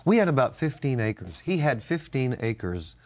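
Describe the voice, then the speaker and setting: An older man from the United States co-hosting a Christian talk show, sharing family stories and faith in an animated way with frequent laughter. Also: medium pitch, normal speed. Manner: animated storyteller, laughs often. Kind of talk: casual faith-based chat.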